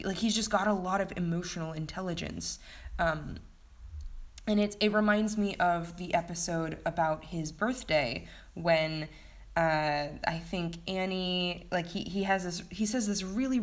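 A woman with a slightly low voice talks through a set of TV episodes in a loose, unscripted review. She rambles and fills nearly every pause with "like" and "um". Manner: rambling, heavy use of "like" and "um". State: sleepy. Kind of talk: casual spoken review.

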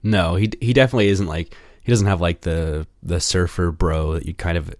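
A man in his thirties with a Midwestern American accent, co-hosting a podcast in a slow, deliberate, dry casual chat. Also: low-pitched, steady tone, darkish tone, dry recording. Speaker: podcast co-host.

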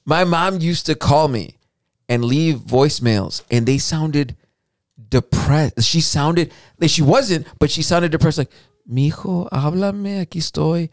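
A man with kids, co-hosting a podcast, telling stories in animated casual chat with many restarts. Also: a little high, slow, no room sound, studio quality. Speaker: podcast co-host.

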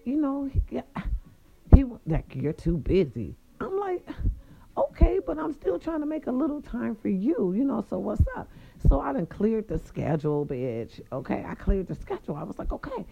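A woman telling viewers a personal story in a casual, animated, profane way. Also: medium pitch, vocal fry, slightly rough, dull audio.

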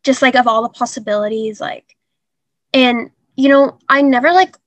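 A young woman telling a painful personal story in an interview, halting and earnest with many fillers. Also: a little high, steady tone, no room sound, lo-fi sound. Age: young adult. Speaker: guest.

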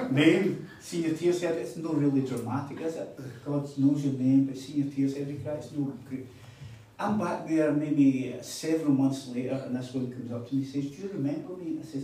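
Preacher in an echoey hall. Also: male voice, medium pitch, dark tone. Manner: storytelling, emphatic repeats. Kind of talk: sermon. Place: hall at a retreat. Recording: echoey hall, mic far off.

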